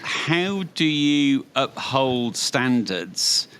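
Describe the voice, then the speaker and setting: A man's voice: medium pitch, sing-song, extremely slow, a bit bright, clear, resonant tone. A man hosting an interview podcast, asking questions and thinking aloud as he goes. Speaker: podcast host.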